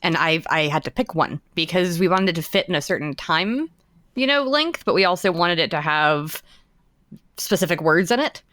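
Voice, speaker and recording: Woman guest, low-pitched, chatty with quick asides, dry close sound. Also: animated, a bit bright, dry recording. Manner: chatty, quick asides, laughs between phrases. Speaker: podcast guest, social media and layout staff. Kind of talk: casual podcast chat.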